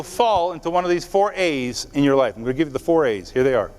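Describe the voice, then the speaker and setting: This motivational speaker talks fast, his fairly high voice expressive and a little mellow. He shares stories in an earnest speech to a live audience, addressing the crowd directly, and the recording has a long hall reverb.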